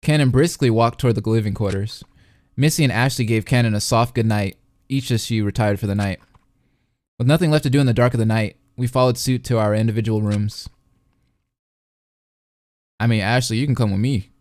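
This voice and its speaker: A man's voice: medium pitch, fairly quick, long pauses, darkish tone, no room sound. Young man reading a visual novel live. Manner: playful, chats with his live chat between read passages. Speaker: streamer and commentator.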